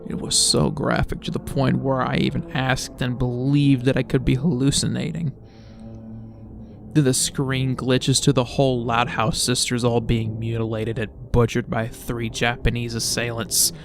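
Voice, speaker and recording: A man's voice: medium pitch, little pitch movement, unhurried, vocal fry, over music. A man reading a story aloud with comedic commentary, exasperated, stammering and swearing as he reacts. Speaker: creepypasta reviewer.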